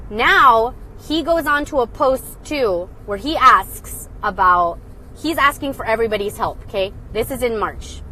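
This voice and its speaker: A woman streaming live from her phone, fired up and angry, with a voice pitched a little high. She rants in a blunt, sarcastic way and swears freely. Faint traffic hums in the background. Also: animated, unhurried, bright, forceful tone. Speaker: livestream host. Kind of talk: angry livestream rant.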